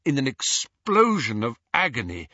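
This male narrator has a medium-pitched voice and delivers a scripted audiobook story in an expressive, measured style. The audio is dry and has a dull, lo-fi quality.

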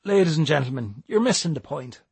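Curt, irritated young robber, close to the reader's own husky voice, read by a man. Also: fairly high pitch, sing-song, fairly quick, darkish tone, dry recording, voice pushed up, full character voice. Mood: exasperated. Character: exasperated young male robber, the sharper friend.

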